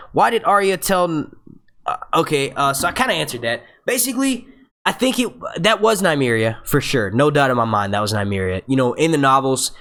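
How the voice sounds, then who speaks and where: A man's voice: on the high side, a bit bright. A young man hosting a casual live stream, profane and hyped, stuttering and restarting often as he urges viewers on. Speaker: livestream host.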